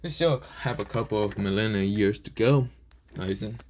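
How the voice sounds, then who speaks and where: A man doing a calm female healer captain. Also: lowish voice, normal speed, a little hiss or hum, lightly acted. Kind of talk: casual fan-fiction storytelling.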